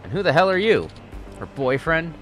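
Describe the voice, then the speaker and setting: A man's voice: medium pitch, sing-song, fairly quick, creaky, fairly bright tone, faint music behind. A man voicing a belligerent, freshly dumped drunk who snarls insults and picks a fight.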